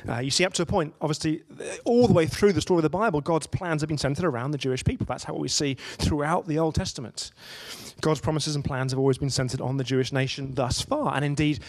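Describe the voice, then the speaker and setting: A man's voice: a little high, fast. Man preaching with a conversational ease. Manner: conversational storytelling with rhetorical questions. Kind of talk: sermon.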